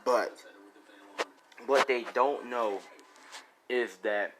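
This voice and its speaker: A man's voice: medium pitch, drawn-out words, noisy background. Rambling man narrating a fan story. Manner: rambling, frequent restarts, casual swearing. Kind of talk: improvised fan fiction narration.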